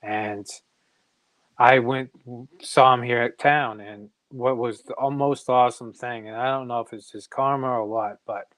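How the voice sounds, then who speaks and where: A middle-aged man, a comic creator, telling casual anecdotes in an animated way and acting out other people's voices. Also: medium pitch, a little slow, no echo, low-quality recording. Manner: animated, acts out quoted voices.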